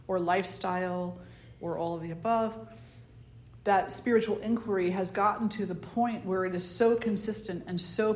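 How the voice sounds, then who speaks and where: A woman spiritual teacher with a New Jersey accent giving a conversational, soft-spoken talk to a small circle, now and then acting out the ego in quoted asides. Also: mid-range voice, a little hiss or hum. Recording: roomy echo.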